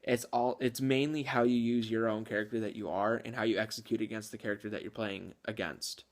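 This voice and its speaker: A man's voice: on the low side, fairly even intonation, brisk. A man hosting a gaming channel, chatting casually with lots of filler words and the odd chuckle. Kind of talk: casual video game commentary.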